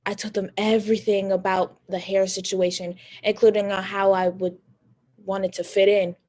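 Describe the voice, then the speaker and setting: A woman's voice: medium pitch, flat delivery, normal speed, darkish tone. A teenage girl reciting an earnest personal monologue on stage. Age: teens.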